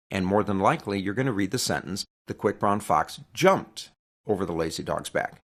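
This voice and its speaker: A man teaching a web design tutorial in a conversational, expressive way, sometimes showing vocal inflection. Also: lowish voice, vocal fry. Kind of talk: screen-recorded software tutorial.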